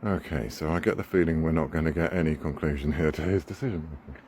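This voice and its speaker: A man's voice: rumbling low, fast talker, darkish tone, slight background noise. A man outdoors on a walk, playfully coaxing and chatting with his pet raven. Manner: coaxing, playful, talks to the bird.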